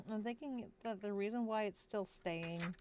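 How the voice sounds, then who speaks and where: A woman's voice: medium pitch, slow, darkish tone, a little hiss or hum. A tired woman streaming a worldbuilding session, chatting casually, giggling often and talking to her pets.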